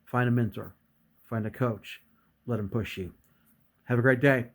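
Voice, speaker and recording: A man's voice: mid-range voice, fairly even intonation, measured pace. A middle-aged man giving an earnest motivational talk, telling a story and acting out bits of dialogue. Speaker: motivational speaker.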